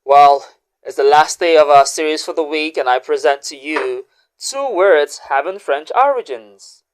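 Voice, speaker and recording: A woman hosting a pronunciation lesson, saying each word slowly and repeating it as a drill. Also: low voice, animated, clear, resonant tone. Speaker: diction teacher and host.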